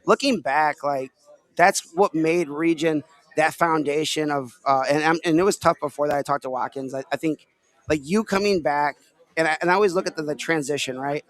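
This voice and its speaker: A man's voice: a little high, moderate pace, a bit bright. A man from Illinois hosting a casual podcast, talking in a rambling, filler-heavy way. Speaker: podcast host. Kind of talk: casual chat.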